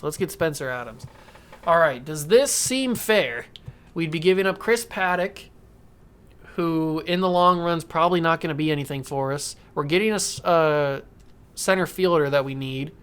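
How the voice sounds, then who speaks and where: A man's voice: a little high, fairly bright tone, clean tone. A man casually commenting while playing a baseball video game, talking to himself and coaxing the game. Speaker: gaming YouTuber. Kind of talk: casual let's-play commentary.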